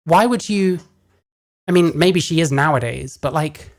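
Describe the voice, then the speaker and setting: A woman's voice: low voice, expressive, a little slow. A woman reacting to a video, blunt and sarcastic, often swearing. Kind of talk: casual reaction commentary.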